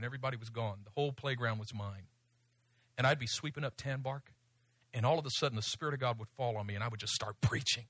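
A middle-aged man preaching a sermon in a storytelling way, swinging from loud pleading to hushed, low speech. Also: quick pace, no room sound.

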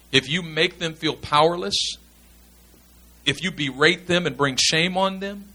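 A man's voice: a little high, sharp tone. A man teaching in a sermon style, earnest and emphatic, repeating his key points. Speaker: pastor teaching pastors.

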